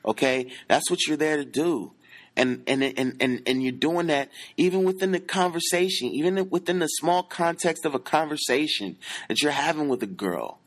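A man's voice: on the high side, lively intonation, normal speed. A man giving dating advice in a casual monologue, profane and emphatic, who keeps checking in with his listeners.

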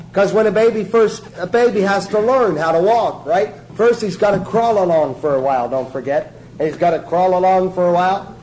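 A man's voice: high voice, darkish tone, a little hiss or hum, rough recording. A man preaching an informal sermon in a folksy, joking way, often asking his listeners questions. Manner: folksy, jokey, asks the audience questions.

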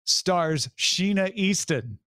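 Lively, chatty man reviewing TV. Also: sits high, slow, no room sound, studio quality. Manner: rambling, many restarts, acts out scenes. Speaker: podcast co-host. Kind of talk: casual chat reviewing a TV episode.

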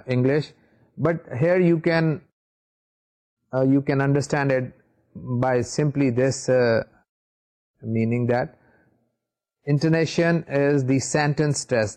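A man giving a recorded university lecture while seated, explaining in a measured way with frequent pauses. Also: mid-range voice, a little mellow. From Pakistan. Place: seated in a studio.

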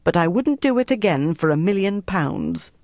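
Male reader as wry plucky woman, lightly higher. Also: very animated, normal speed, a little mellow, dry recording, studio quality.

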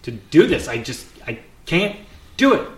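A man's voice: medium pitch, expressive, measured pace, fairly bright tone, roomy sound. A man voicing a troubled, haunted young man who speaks in a strained, pleading way.

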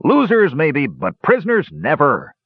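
A man playing a booming, boastful dwarf. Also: huge pitch swings, unhurried, breathy edge, dry recording, exaggerated voice. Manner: grand, lusty proclamations. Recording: dull lo-fi recording.

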